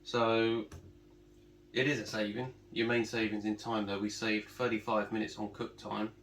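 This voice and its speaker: A man, calmly explaining test results in a casual home chat. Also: on the low side, normal speed, slight background noise. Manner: calm, explanatory. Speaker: vlog co-host. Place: home kitchen. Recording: echoey room.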